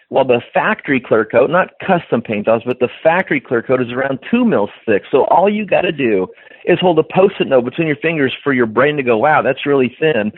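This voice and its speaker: Man, middle-aged, lively storyteller, voices quoted people, dry close sound, thin phone-line audio. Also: mid-range voice, no echo. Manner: animated storyteller, acts out quoted dialogue, frequent restarts. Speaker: podcast guest, detailing trainer. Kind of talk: storytelling interview chat.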